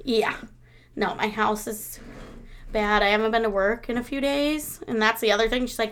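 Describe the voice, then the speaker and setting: A young adult woman co-hosting a casual podcast chat, rambling with lots of fillers, dropping quiet and then getting loud. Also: a little high, normal speed. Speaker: podcast co-host.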